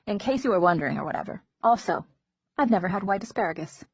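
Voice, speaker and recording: A woman's voice: mid-range voice, expressive, quick pace, vocal fry, husky, no echo, exaggerated voice. A woman reading a confident, teasing teenage boy. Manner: easy, teasing. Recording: dull lo-fi recording.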